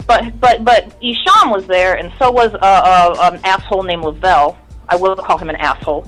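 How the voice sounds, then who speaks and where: A woman's voice: on the low side, moderate pace, fairly bright tone, faint music behind, low-quality recording. A woman in her thirties, a musician guest in an interview, telling a long story in a candid, rambling, profane way.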